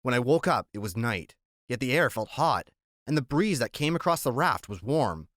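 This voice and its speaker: Reading a novel aloud, this man keeps an even, measured pace and a mid-range pitch. His audiobook narration sounds close and dry, with no echo at all.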